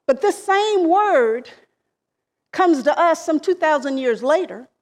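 A woman preaching a sermon, deliberate and emphatic, with phrases that rise and then trail off softly. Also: high voice, expressive. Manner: slow, deliberate preaching with emphatic rises and soft trailing endings.

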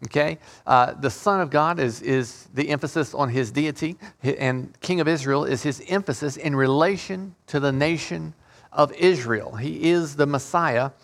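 Man teaching a halting Bible study. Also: on the high side, gravelly. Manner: halting, repeats words and restarts often while explaining; reads scripture aloud in King James wording.

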